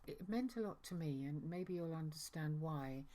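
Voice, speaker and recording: Low-voiced, hesitant reflective woman. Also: animated, normal speed, warm tone. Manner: hesitant, thoughtful, with fillers and restarts. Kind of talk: reflective talk.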